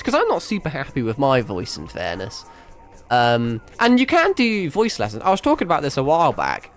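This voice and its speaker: A young man rambling through a late-night stream, his voice worn and cracking after hours at the mic. He swears, stumbles and restarts constantly, with a lively, swooping intonation. Faint music plays underneath. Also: mid-range voice. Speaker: VTuber streamer. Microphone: desk microphone.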